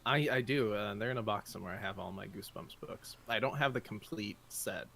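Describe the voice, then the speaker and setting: Chill guy co-host, lowish voice, dry and easygoing. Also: a little fast, gravelly, bright, forceful tone, a little hiss or hum. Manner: dry, laid-back, short replies. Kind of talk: casual chat.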